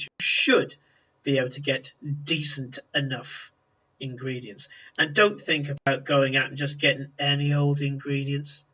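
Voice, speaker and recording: A man's voice: mid-range voice, pushed and bright, far from the mic, dull audio. A man voicing a menacing male half-orc debt enforcer who taunts and threatens.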